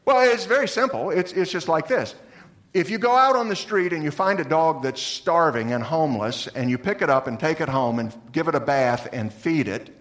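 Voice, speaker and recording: A man preaching a sermon as a pastor, earnest, moving between lively emphasis and soft, low appeals to his listeners.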